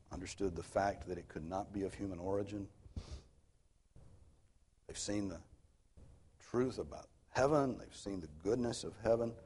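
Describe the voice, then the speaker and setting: A man's voice: lowish voice, a little mellow, husky. A man preaching an expository sermon, earnest and emphatic, posing rhetorical questions as he teaches. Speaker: pastor.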